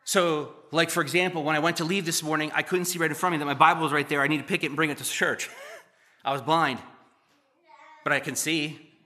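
A middle-aged man preaching a sermon as pastor, conversational and joking, asking the church questions and swinging between loud emphasis and quiet asides. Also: a little high, steady tone, brisk. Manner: conversational, asks the congregation questions.

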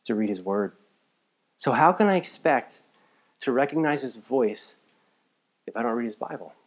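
A man from the United States preaching a live sermon in a conversational way, swinging between emphatic bursts and quiet asides, a little tired. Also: medium pitch, animated, moderate pace, breathy edge. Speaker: pastor.

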